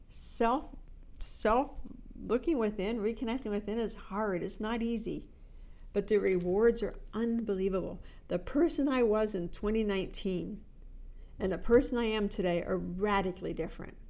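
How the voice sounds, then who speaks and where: A middle-aged woman, a life coach, giving an energetic motivational talk and acting out the voices in her stories. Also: a little high. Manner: energetic, animated storytelling with quoted inner voices.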